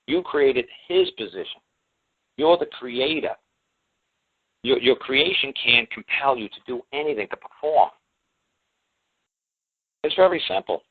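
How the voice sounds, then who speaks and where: Man, radio talk show guest, folksy, emphatic, husky voice, tinny phone line. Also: mid-range voice, dry recording.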